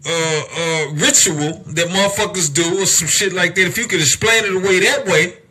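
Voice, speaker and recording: A man's voice: high-pitched, moderate pace, sharp tone. A young adult man hosting a podcast, delivering a heated, profane rant full of rhetorical questions. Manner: heated, emphatic, heavy cursing, rhetorical questions. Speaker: podcast host.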